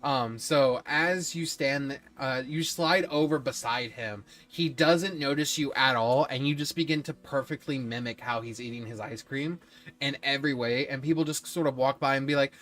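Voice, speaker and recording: A man's voice: medium pitch, normal speed, a bit bright. Laid-back man running a tabletop game. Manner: casual, laughing, profane. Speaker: game master.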